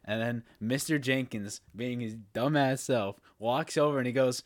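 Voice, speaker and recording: Young man telling lively stories. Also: medium pitch, moderate pace, no room sound, clean studio sound. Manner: animated storyteller, laughs often. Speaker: podcast co-host. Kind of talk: casual chat.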